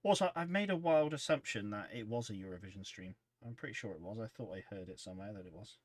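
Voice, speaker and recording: A man with a fairly low voice, chatting in a relaxed, rambling way through a livestream. His voice sits dry and close on the mic, with no room sound around it. He talks with plenty of easy pauses. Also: no echo. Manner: rambling and easygoing, reading chat aloud. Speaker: livestream host. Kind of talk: casual livestream chat.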